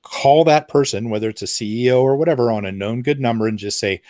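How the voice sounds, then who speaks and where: A man's voice: mid-range voice, quick pace, a little mellow, no echo, clean studio sound. A man giving an explanatory talk in a conversational way, with fillers and asides. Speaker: presenter.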